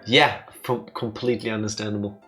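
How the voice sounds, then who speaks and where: A man's voice: on the low side, level tone, a little fast, pushed and bright. A man co-hosting a let's play, chatting casually and hamming up the game's lines in mock-dramatic voices. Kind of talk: casual gameplay chat with voiced readings. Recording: faint music behind.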